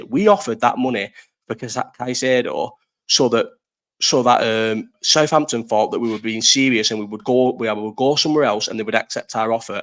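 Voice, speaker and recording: A young man hosting a live chat, ranting casually about football, sweary and rambling, answering people in the chat. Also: medium pitch. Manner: animated, sweary, rambling, talks to chat readers.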